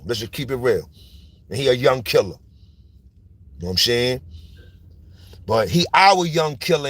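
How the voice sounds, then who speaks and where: A man from New York with a New York accent, telling stories in a casual, slang-heavy monologue full of "you heard?" tags. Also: medium pitch. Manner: street slang, repeats "you heard?" and "you know what I'm saying". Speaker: storyteller YouTuber.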